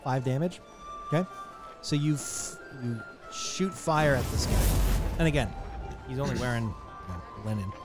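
A man's voice: medium pitch, moderate pace, music in the background. A man narrating a tabletop game as game master, casual and easygoing, with fillers.

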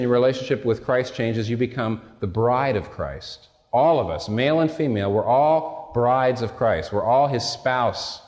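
A man's voice: medium pitch, a little mellow, dull audio. A male pastor preaching a sermon in a conversational, storytelling way, with self-deprecating asides. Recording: long hall reverb.

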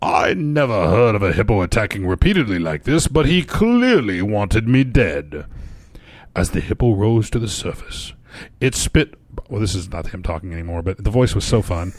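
A man's voice: on the low side, very animated, moderate pace, no room sound. A man co-hosting a casual podcast, reading a news story aloud with dry jokes and playful emphasis. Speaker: podcast co-host.

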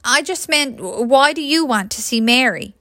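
A woman's voice: sits high, expressive, unhurried, pushed and bright, dry recording, clean studio sound, pitched above the performer's own voice, heavily acted. A woman voicing a protective young man who speaks in a confrontational, demanding way. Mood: angry.

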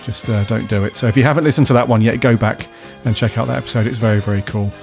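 A man's voice: mid-range voice, steady tone, rapid-fire, creaky, darkish tone, faint music behind. A man hosting a casual podcast, chatty, jokey and easygoing. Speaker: podcast host.

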